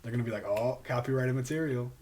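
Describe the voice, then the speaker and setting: A man's voice: medium pitch, quick pace, darkish tone. A man co-hosting a podcast in casual chat, laid-back and jokey, often saying "man" and laughing. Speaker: podcast co-host.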